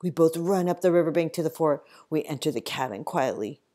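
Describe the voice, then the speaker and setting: A woman reading a first-person storybook in a measured voice that sinks quietly at grim moments. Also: deep voice, lively intonation. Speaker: audiobook reader.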